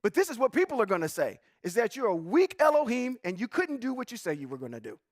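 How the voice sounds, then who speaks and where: A man teaching scripture in a sermon style, reading verses slowly and then preaching with rising emphasis, asking the audience questions. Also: very high-pitched, very animated, no room sound, clean studio sound. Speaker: Bible teacher.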